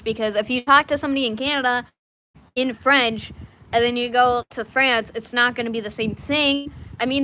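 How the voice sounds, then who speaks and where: A woman talking off the cuff on her livestream, her voice bright and ringing and a little higher than most. She wanders from story to story, restarting sentences and circling back as she goes. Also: a little hiss or hum. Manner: rambling and chatty, many restarts and side stories. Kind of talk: casual rambling chat to a live audience.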